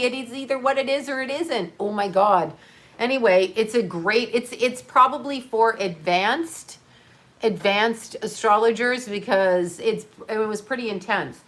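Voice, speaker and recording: A woman's voice: a little high, a little slow, a bit bright. A middle-aged woman chatting casually on a livestream, rambling, laughing often and talking straight to her viewers. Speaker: livestream host. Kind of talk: casual livestream chat reading comments.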